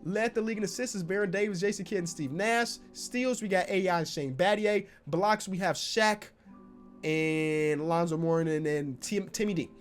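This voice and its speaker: A man giving excitable gaming commentary as a basketball YouTuber, now and then bursting into loud shouts. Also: high-pitched, normal speed, soft background music.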